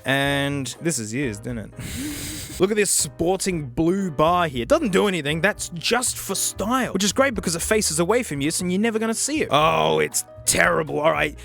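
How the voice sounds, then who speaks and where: A high-pitched Australian man chats his way through a gadget review, cracking jokes and throwing in plenty of slang. Faint music plays softly behind him. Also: normal speed, creaky. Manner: jokey, animated, full of Aussie slang. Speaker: YouTube host reviewing gadgets. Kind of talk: casual review chat.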